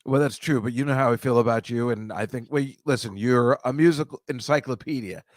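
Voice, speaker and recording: A man's voice: medium pitch, a little fast, no echo. Middle-aged male podcast host, chatty and rambling, joking with the chat, dry close sound. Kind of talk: casual livestream chat with viewers.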